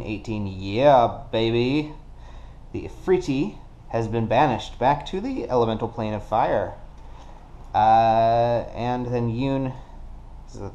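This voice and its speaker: A man casually narrating a solo card game play-through, working things out deliberately and counting dice aloud. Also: mid-range voice, warm tone. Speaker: board game player.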